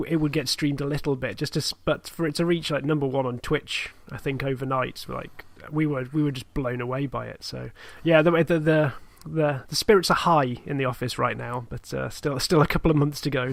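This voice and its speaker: A man co-hosting a gaming podcast, telling stories in a relaxed, casual way. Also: medium pitch, a little fast, vocal fry, few pauses, dry recording. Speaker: podcast co-host. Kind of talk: casual chat.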